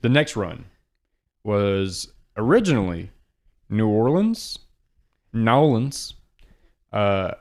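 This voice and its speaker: Podcast host, man, lowish voice, brash and profane, excitable casual chat. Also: slow pace, long pauses.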